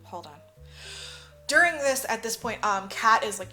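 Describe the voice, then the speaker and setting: A woman's voice: fairly high pitch, animated, measured pace, bright, forceful tone, faint music behind. A woman co-hosting a podcast, animatedly retelling a movie plot, acting out characters and swearing freely. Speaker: podcast co-host. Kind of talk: casual movie recap chat.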